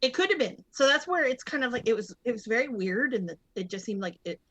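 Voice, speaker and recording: A woman's voice: fairly high pitch, expressive, quick pace, a bit bright, no echo. A woman co-hosting a casual wrestling podcast, talking in a hesitant way with many restarts. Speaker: regular podcast co-host.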